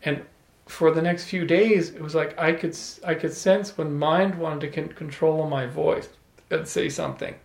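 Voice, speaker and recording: A man telling a personal story to a small audience, animated, often laughing and restarting his words. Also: fairly high pitch, normal speed, vocal fry. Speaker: salon speaker. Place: room with a small live audience. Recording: echoey room.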